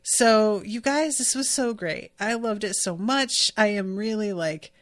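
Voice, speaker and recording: A woman's voice: medium pitch, unhurried. A woman hosting a podcast and casually recapping an episode, gushing and swearing freely. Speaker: podcast host.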